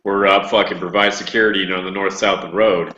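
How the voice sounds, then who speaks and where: A man's voice: low-pitched, fairly even intonation, fast, pushed and bright, dull audio. A man recalling his Marine deployment in a casual, profane chat, often laughing. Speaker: former Marine, guest. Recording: echoey room, faint noise.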